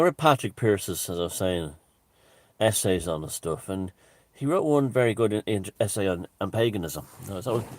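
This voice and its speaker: Irish man, deep and dry-voiced, vlogger; rambling, halting monologue full of asides. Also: no echo. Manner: digressive, halting, many restarts and asides.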